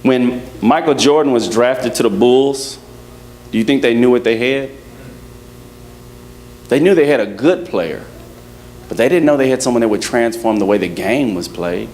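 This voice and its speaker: A man's voice: mid-range voice, normal speed, pauses often, darkish tone. Playful male preacher. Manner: playful, acts out quotes, laughs with congregation. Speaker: pastor. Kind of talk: sermon. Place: church service.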